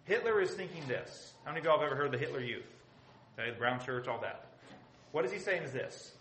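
A man's voice: mid-range voice, animated, fast talker, fairly bright tone, slight background noise. A male pastor preaching a sermon in a church, emphatic, asking the congregation rhetorical questions and repeating his points. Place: church sanctuary. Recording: echoey church room.

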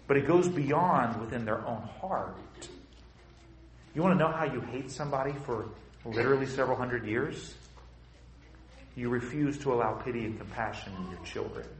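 A man's voice: medium pitch, lively intonation, normal speed, pauses often, echoey room, slight background noise, rough recording. A man preaching a sermon with impassioned, emphatic, repetitive phrasing.

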